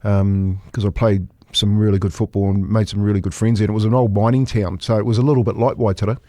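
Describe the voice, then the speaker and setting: A man's voice: fairly low pitch, flat delivery, fast talker, mellow, no echo, studio quality. A New Zealand man in his fifties, a former rugby league coach, telling stories in a casual chat and laughing through them. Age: 50s.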